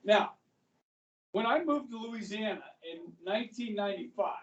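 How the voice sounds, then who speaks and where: A man's voice: sits high, animated, moderate pace, highs cut off. A male history teacher lecturing a class in a casual way. He often checks in with the students by saying "okay". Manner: talks to students, says okay a lot. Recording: echoey classroom from a far mic.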